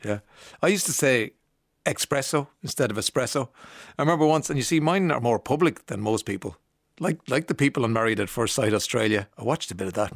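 A man's voice: mid-range voice, gravelly, no room sound. A middle-aged Irish man hosting a radio show in a studio, chatting casually and laughing at his own stories. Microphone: studio microphone.

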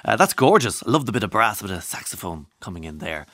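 A man's voice: lowish voice, very animated, fast, bright, forceful tone, no room sound, clean studio sound. A man with an Irish accent hosting a radio show, chatting casually, joking and reading out listener messages. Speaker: radio host. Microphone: studio microphone.

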